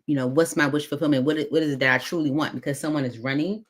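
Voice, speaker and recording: A woman reading tarot cards aloud in a casual, chatty way, thinking out loud with many fillers. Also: low voice, steady tone, very fast. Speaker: tarot reader.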